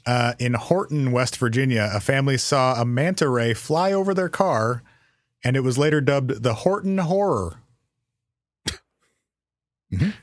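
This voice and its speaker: A man's voice: medium pitch, lively intonation, a little slow, pauses often, dry recording, clean studio sound. A man co-hosting a podcast, reading out facts casually and laughing often. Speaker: podcast co-host. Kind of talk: casual chat.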